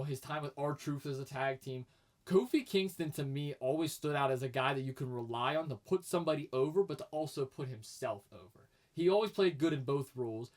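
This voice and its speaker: A man co-hosting a casual podcast chat, opinionated and rambling, laughing often as he talks. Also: fairly high pitch. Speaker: podcast co-host.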